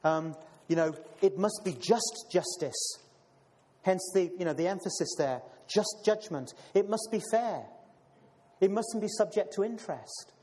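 A little slow and mellow, this preacher's high-sitting voice reads scripture aloud and speaks to brothers and sisters. He uses plenty of fillers and repeats words. The recording has a long hall reverb.

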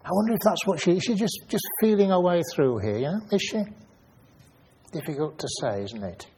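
A man's voice: sits high, expressive, a little fast, warm tone, slightly rough. A man preaching a Bible study sermon, thinking aloud and asking questions, often repeating his words.

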